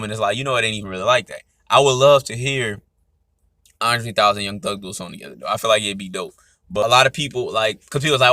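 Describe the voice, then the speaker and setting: A man's voice: lowish voice, pushed and bright, dry recording, studio quality. A young man with an Atlanta accent, hosting his own podcast and talking through his opinions in a loose, casual way, often tagging on "you know what I'm saying.". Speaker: podcast host. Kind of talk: casual solo commentary.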